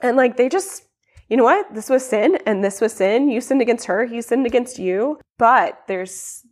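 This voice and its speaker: Speaking at a normal speed in a fairly high, expressive voice, a young woman guest tells her personal story on a podcast. Her testimony rambles, full of fillers and restarts, and she acts out the lines she quotes.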